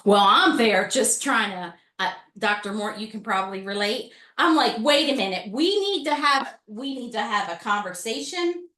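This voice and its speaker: Middle-aged woman, panel speaker, dramatic animated storytelling, roomy echo. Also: fairly high pitch. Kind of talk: storytelling talk.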